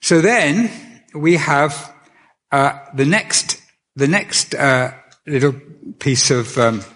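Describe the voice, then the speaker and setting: A man's voice: on the high side, animated, slow pace, a bit bright. A man preaching a sermon in a conversational way, often restarting his sentences. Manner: conversational, with many restarts and fillers.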